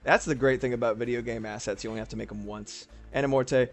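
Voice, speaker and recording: A male art streamer with a mid-range voice and fairly even intonation talks fast over soft background music. He rambles casually during a livestream while drawing, swearing freely.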